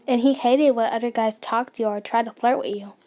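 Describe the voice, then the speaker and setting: Female narrator, casual fanfic reading; plain delivery, voice a touch high. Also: fairly even intonation, fairly quick, warm tone. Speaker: storyteller.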